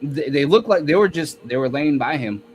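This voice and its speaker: Halting man telling a story. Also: a little high, lively intonation, a little hiss or hum. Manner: halting, many restarts and fillers, storytelling. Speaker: guest rapper. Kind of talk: casual interview chat.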